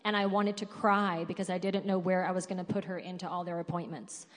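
A woman's voice: lowish voice, steady tone, brisk. Earnest woman speaking in a hall. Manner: earnest, heartfelt. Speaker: panelist, former foster parent. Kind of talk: panel talk to an audience. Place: large hall with an audience. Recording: hall reverb.

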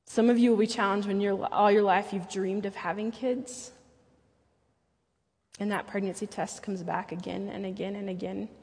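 A woman's voice: medium pitch, darkish tone, breathy edge, in a large hall. A woman speaking at a church and preaching a sermon, earnest and personal, with playful asides.

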